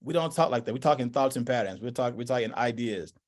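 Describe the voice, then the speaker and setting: A man leading a parenting workshop, talking in loose, animated thoughts and acting out quotes as he answers questions. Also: medium pitch, fast. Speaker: workshop presenter. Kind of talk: lively workshop talk. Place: workshop room.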